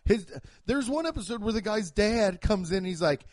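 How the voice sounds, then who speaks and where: A man doing a stand-up comedy routine, ranting in an animated, profane way. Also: high voice, moderate pace, no echo.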